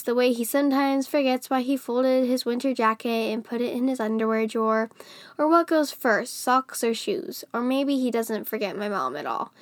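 A woman reading a first-person novel aloud as a book reviewer, with expressive delivery that lifts on dialogue. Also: dry recording. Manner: reads expressively, louder and higher on lines of dialogue.

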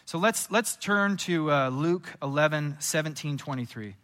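A man preaching with a bright, forceful tone and a slightly high voice. He works through a sermon like a storyteller, with casual asides and scenes that he acts out with energy. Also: animated, moderate pace. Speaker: pastor.

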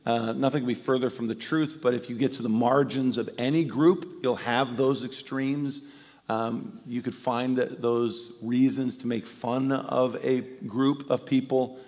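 A middle-aged pastor preaching a sermon in a conversational, animated way. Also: male voice, mid-range voice, unhurried. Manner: conversational, animated when acting out quotes. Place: church sanctuary. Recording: long hall reverb.

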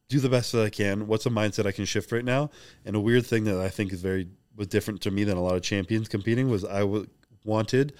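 A man's voice: fairly low pitch, darkish tone, no room sound, clean studio sound. A young man speaking as a podcast guest, candid and profane, acting out the lines of people in his stories. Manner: fast, open and profane, acting out quoted dialogue. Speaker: guest, bodybuilding champion.

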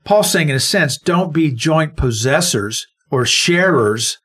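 A man's voice: on the high side, lively intonation, slow, a bit bright, slightly rough. A man co-hosting a conversational Bible study, explaining verses and stressing single words. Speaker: Bible teacher and co-host.

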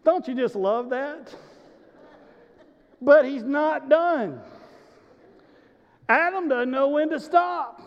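A man's voice: very high voice, slow pace, long pauses. A man preaching a sermon as a pastor, telling the story animatedly and speaking straight to his congregation. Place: church sanctuary. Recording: muffled recording in a large reverberant hall.

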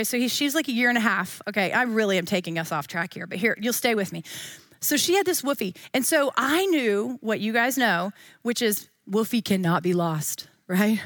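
A woman's voice: medium pitch, fairly bright tone, dry recording. Woman in her 40s, Bible study teacher, chatty and playful, dry close sound. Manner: chatty and playful, with frequent asides.

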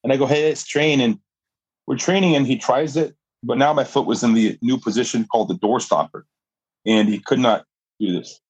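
Husky man telling a lively story. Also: mid-range voice, normal speed, dry recording, rough recording. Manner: animated storyteller, laughs often, restarts sentences. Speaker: guest, jiu-jitsu fighter and coach. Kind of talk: storytelling in a podcast interview.

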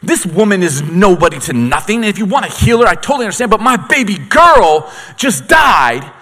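A man voicing an outraged, grieving father, shouting high and exasperated in a long echoey hall. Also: sing-song, fairly quick, full character voice.

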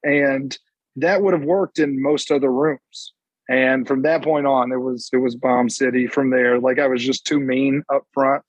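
A man's voice: mid-range voice, breathy edge, no echo, poor audio. A young man, a stand-up comedian telling stories in casual chat and acting out what people said. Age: young adult. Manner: animated, acts out quotes with quick bursts.

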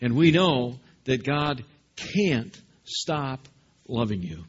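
A man's voice: mid-range voice, very animated, slow pace, slightly rough, dull audio. A male pastor delivering a sermon, emphatic and repetitive, questioning the congregation.

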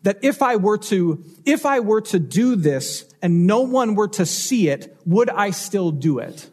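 A man's voice: high-pitched, animated, a little slow, darkish tone, breathy edge. A man preaching a sermon as pastor, telling stories and asking rhetorical questions with changing emphasis.

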